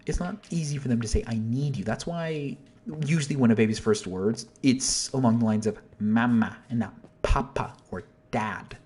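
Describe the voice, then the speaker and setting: A man's voice: medium pitch, normal speed, a little mellow, slightly rough. A man casually breaking down a song's lyrics, rambling, correcting himself and often dropping to a whisper. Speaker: video host explaining song lyrics. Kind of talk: casual lyric breakdown, quoting and half-singing lines.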